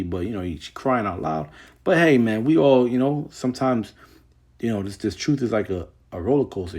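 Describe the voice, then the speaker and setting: A man teaching from the Bible, reading scripture slowly and then explaining it in loose, casual slang. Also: on the low side, darkish tone, husky. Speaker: preacher.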